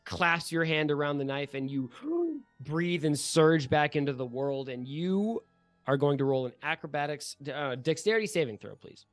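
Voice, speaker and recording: A man running a tabletop game as game master, giving vivid, profane narration with quick rules asides over a home microphone. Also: fairly high pitch, dry recording. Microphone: home microphone for an online session.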